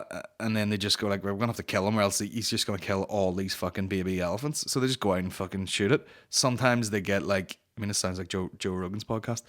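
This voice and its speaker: A man's voice: fairly low pitch, a bit bright. A man hosting a comedy podcast, ranting crudely and mocking, slipping into voices of the people he talks about. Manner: sweary, mocking, acts out voices. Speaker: podcast host.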